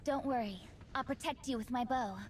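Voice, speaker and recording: A woman voicing a young female knight, speaking in a hushed, earnest way while reading game dialogue. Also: high voice, normal speed, voice pushed up. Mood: determined.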